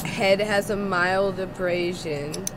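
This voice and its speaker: A woman's voice: medium pitch, steady tone, takes it slowly, background noise. A woman streamer commentating on a horror game, frightened, screaming and swearing as she plays. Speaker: gaming streamer.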